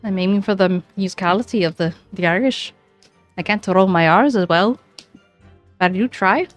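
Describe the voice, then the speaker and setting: A woman streamer chats casually between scenes, chatty and a little self-deprecating. Her pitch sits in a middle range, and faint game music plays softly underneath. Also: normal speed.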